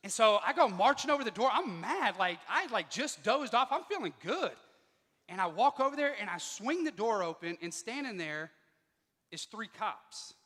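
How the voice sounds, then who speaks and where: A man giving a motivational speech to students, telling a personal story with lively delivery and acting out the dialogue. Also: high-pitched, normal speed, big-room sound. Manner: animated, acts out quoted dialogue. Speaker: motivational speaker. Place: school auditorium.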